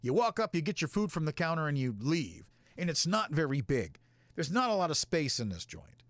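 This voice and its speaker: A man spins a rambling, foul-mouthed story in a casual host's chat, his slightly high voice swinging widely in pitch. The sound is dry and close, with no room echo. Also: a little fast. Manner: profane, rambling, animated.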